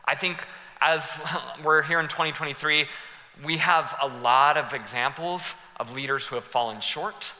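A young man preaching a sermon as pastor, telling stories in a lively way, laughing and acting out the scenes. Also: fairly high pitch, a little slow. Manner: animated, laughing storyteller who acts out scenes. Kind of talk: sermon with personal storytelling. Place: church hall. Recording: long hall reverb.

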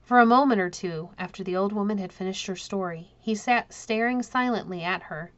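A woman narrating a classic children's novel in a calm, measured reading. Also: mid-range voice, lo-fi sound. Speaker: audiobook narrator. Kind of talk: storybook narration.

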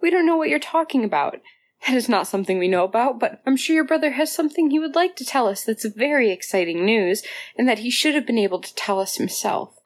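A woman voicing a warm, fussing middle-aged mother who coos and scolds in a bright sing-song. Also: medium pitch, slow, hardly any pauses, voice pushed up. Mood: scolding. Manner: fond, then mock-scolding. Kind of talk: audiobook character voice.

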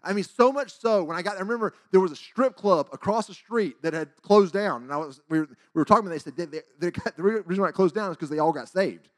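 A man in his forties tells a church testimony in a casual, animated way and acts out the dialogue. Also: high voice, fast talker, few pauses. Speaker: church speaker. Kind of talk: testimony storytelling.

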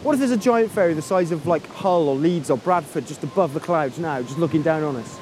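A man hosting a comedy show, talking about absurd ideas with a deadpan, earnest manner. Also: fairly high pitch, brisk, faint music behind. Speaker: comedy host. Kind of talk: mock-serious comic banter.

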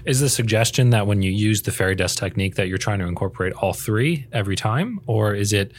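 Guy cohost on a podcast, lowish voice, asking careful questions. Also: lively intonation, fast. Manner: inquisitive, thoughtful questions. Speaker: podcast co-host.

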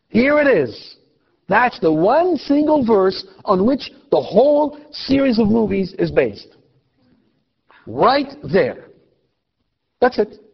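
A man giving a lively Bible lecture, asking his audience rhetorical questions and throwing in humorous asides. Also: high-pitched, slightly rough, dull audio. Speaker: Bible teacher.

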